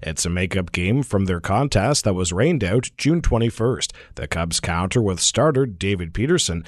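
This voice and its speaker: A man delivers a radio sports roundup in a brisk, even voice. His voice is on the low side. The sound is dry, as from a close studio mic. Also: no room sound. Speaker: sports reporter. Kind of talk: scripted radio sports update.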